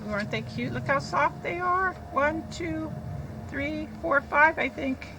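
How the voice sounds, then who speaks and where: A woman teaching young children to read, reading a picture book aloud in a slow, sing-song way and sounding out letters. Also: high-pitched, animated, noisy background.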